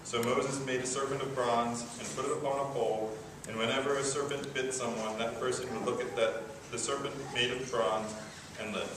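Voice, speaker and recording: Man, scripture reading, steady and measured, very echoey church, noticeable hiss. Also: medium pitch, far from the mic. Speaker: scripture reader. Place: large echoey church sanctuary.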